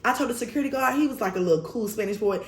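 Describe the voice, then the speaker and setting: A woman tells a story to her viewers in casual storytime fashion, animated, blunt and full of swearing. Her voice sits a little higher than most, and the room around her rings with a clear echo. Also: racing. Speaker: vlogger.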